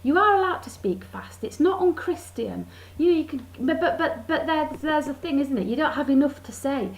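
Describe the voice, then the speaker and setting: A woman's voice: high voice, lively intonation, moderate pace, low-quality recording. A woman giving a sarcastic comedy monologue, drawing out words to mock them. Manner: sarcastic, mocking, drawls words for effect. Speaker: vlogger.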